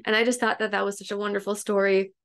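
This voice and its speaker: A woman's voice: medium pitch, flat delivery, fast talker. A woman coaching an online group, casually retelling a story from a book in a chatty, meandering way, full of fillers and restarts. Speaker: self-help coach and host.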